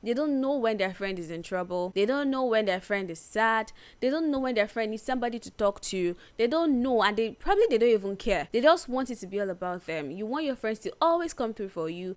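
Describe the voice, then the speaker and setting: Earnest woman giving emphatic advice. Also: mid-range voice. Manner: earnest, emphatic, repeats phrases for stress. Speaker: podcast host. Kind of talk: solo advice podcast monologue.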